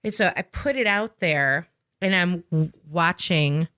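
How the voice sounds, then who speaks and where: Lowish and unhurried, her voice comes across bright and forceful over clean, dry studio sound. A sales trainer who did improv, she explains energetically in a conversational podcast manner, punctuating points with an inquiring "right?"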